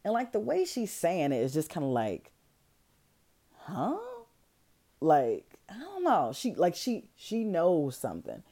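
A woman casually recapping a movie, animated and slangy, acting out characters' lines with comic asides. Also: on the low side, takes it slowly, long pauses, husky.

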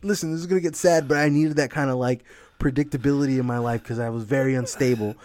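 A man hosting a podcast in casual chat, animated, swearing often and laughing a lot. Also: medium pitch, quick pace. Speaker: podcast host.

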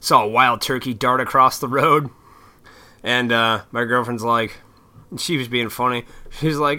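Speaking at a moderate pace, this young adult vlog host has a medium-pitched voice that sounds pushed, bright and clean. He rambles casually, drops curse words freely and uses plenty of fillers.

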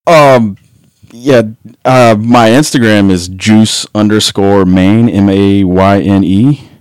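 A man with a low voice tells a rowdy, profanity-laced story in a relaxed chat. His delivery is loose and full of laughter. The sound is close and dry, with no room around it. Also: takes it slowly, smooth, no echo. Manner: profane, laughing anecdote-telling. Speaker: guest. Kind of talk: casual storytelling.

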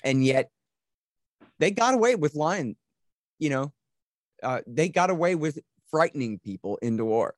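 A man's voice: a little high, sing-song, a little slow, pauses often, dry recording. A man giving heated, sarcastic political commentary, often mocking other people's voices. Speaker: podcast guest.

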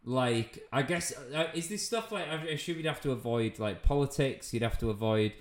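A young man chatting over a video call, telling animated stories and laughing often. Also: mid-range voice, moderate pace. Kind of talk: casual chat.

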